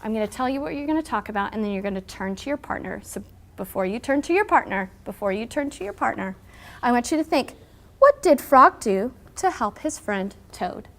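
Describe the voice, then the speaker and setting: A woman teacher reading a picture book aloud to her class, acting out the characters' lines with animated emphasis and pausing to explain. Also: on the high side. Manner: animated storyteller, acting out character lines with big loud pushes.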